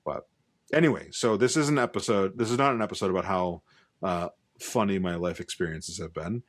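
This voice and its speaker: A man's voice: sits low, a little fast. A man co-hosting a podcast, casually telling an anecdote and acting out both sides of the exchange, with some swearing. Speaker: podcast co-host. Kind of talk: casual storytelling chat.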